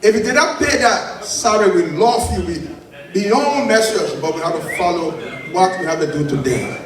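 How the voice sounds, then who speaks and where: Guy running the vote, high voice, keeps repeating the rules, far off in a big echoey hall. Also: animated, moderate pace, a crowd in the background. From Liberia. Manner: firm, repetitive, giving instructions. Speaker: election commissioner. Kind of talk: addressing a convention meeting. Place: large convention hall.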